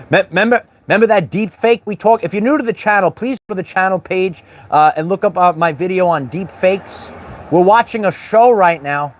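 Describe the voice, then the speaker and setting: A man's voice: sits high, fairly quick. A man hosting a spiritual livestream, talking in a preachy, repetitive way and calling out chat viewers by name. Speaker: livestream host.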